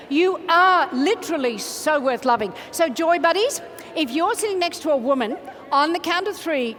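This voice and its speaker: A woman giving an energetic motivational keynote in a large conference hall, coaxing the audience to join in. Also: high voice, slight background noise. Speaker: motivational speaker. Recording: reverberant hall, faint ambience.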